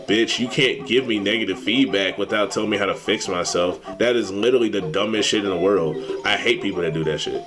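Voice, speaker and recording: A young man streaming games, ranting in a casual, animated way, swearing and exasperated. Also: lowish voice, a little fast, hardly any pauses, over music. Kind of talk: casual rant while gaming.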